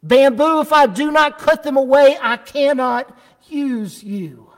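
A man's voice: very high-pitched, in a large hall, voice pushed up. A man playing a grave, loving garden master. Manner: grave, measured.

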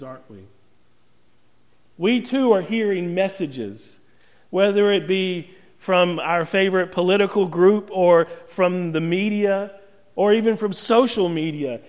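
Male pastor, emphatic sermon, slow deliberate pace, reverberant church. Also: sits high. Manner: emphatic preaching with dramatic pauses and rhetorical questions.

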